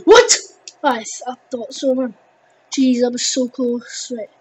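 High-voiced excitable teen girl gamer. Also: unhurried, slightly rough, rough recording. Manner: excitable, rambling, full of fillers. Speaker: gaming video host. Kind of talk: live gameplay commentary.

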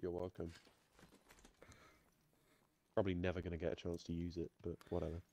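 A man's voice: low voice, completely flat delivery, fairly quick, dark tone. A man playing a game with a streamer friend, chatting casually with dry, teasing humour. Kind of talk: casual gaming chat.

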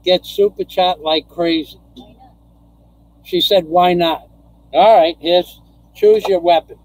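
A man with a notably high voice hosts a casual live stream from home. He chats loosely with viewers, laughs often and breaks into profane rants. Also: steady tone, slow, dry recording, rough recording. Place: home in the Philippines.

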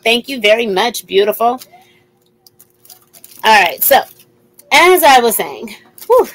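A woman's voice: a little high, lively intonation, takes it slowly, long pauses, fairly bright tone, rough recording. A woman hosting a live jewelry sale, chatting casually and repeating item numbers as she shows each piece. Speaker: live-stream jewelry seller. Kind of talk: casual live sales chat.

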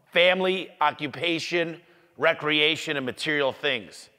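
Energetic male speaker, bright tone, echoey hall, business talk. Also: fairly high pitch, measured pace. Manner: energetic, acts out customer dialogue. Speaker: business owner giving a talk.

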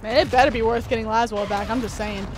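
A young woman streaming a shooter game, chatting casually, laughing and talking back to the game with sudden excited yelps. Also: a little high, quick pace. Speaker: streamer playing a shooter campaign. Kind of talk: casual let's-play commentary.

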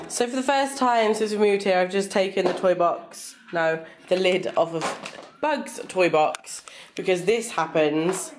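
A young adult woman from Cheshire, England, a vlogger and mother, films a casual home vlog in her living room. Speaking at a measured pace in a medium-pitched voice over background noise, she encourages her baby with sing-song baby talk and chats to the camera.

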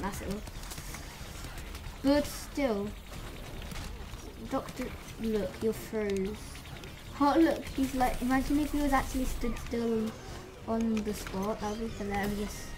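A woman giving casual gameplay commentary, excitable and trash-talking, with lots of "literally" and "like". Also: a little high, background noise. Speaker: gamer. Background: game music.

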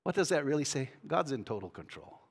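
A man, a guest pastor, preaching a sermon that swings between loud bursts and hushed, tender passages. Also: mid-range voice, big pitch swings, brisk, vocal fry, noisy background.

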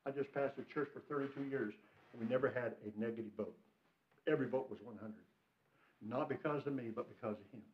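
An older man with an American Midwestern accent, preaching a fervent sermon as pastor, swinging from loud exhortation to hushed asides. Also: mid-range voice, fast talker, lo-fi sound. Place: church sanctuary.

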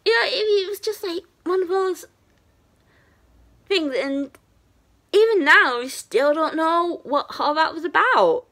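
A woman's voice: very high-pitched, expressive, a little slow, pauses often, a bit bright. A young woman, telling a story in a casual, chatty way with plenty of fillers and restarts. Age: young adult. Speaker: vlogger.

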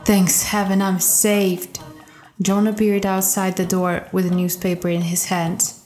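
A woman's voice: on the low side, flat delivery, a little slow. A woman narrating short stories as a storyteller, reading all the characters herself in lightly changed voices. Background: soft background music.

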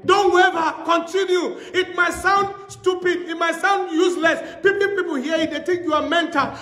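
A man preaching a sermon, telling stories with acted-out dialogue and rising to shouted exhortation. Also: extremely high pitch, steady tone, normal speed. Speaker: pastor. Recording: echoey hall reverb.

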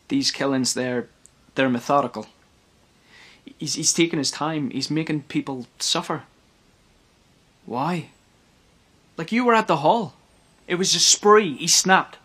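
An actor playing a police detective who gives brisk orders and then questions an old colleague uneasily. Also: male voice, medium pitch, a bit bright, natural voice. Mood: troubled. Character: troubled detective hunting a killer.

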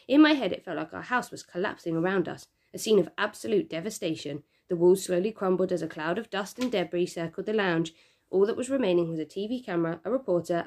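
A woman teacher reading a children's novel aloud with steady, expressive storytelling. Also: lowish voice.

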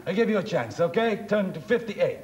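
A man's voice: high voice, lively intonation, a little fast, a little hiss or hum. A man playing a brash, impatient old American conductor in his sixties who scolds and mocks in bursts, in a comic sketch. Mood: bossy. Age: 60s. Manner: bossy, scolding, mocking outbursts. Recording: echoey stage with audience laughter.

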